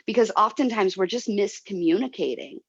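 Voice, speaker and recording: A woman's voice: mid-range voice, fairly quick, slightly rough, highs cut off. A woman guest speaking in a heartfelt, emotional way, often repeating herself as she explains. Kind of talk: heartfelt motivational talk.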